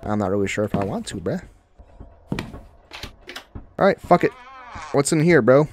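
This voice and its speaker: A man's voice: mid-range voice, sing-song, normal speed, a little mellow, a little hiss or hum. Cursing young man playing horror games. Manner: profane, exasperated, talking to himself. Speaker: gaming channel host. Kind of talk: casual horror game commentary.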